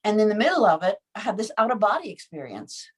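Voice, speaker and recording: An actress in her seventies recounts her early career in an interview, speaking fast at medium pitch with a breathy edge. She's a lively storyteller who chuckles often and acts out the voices she quotes.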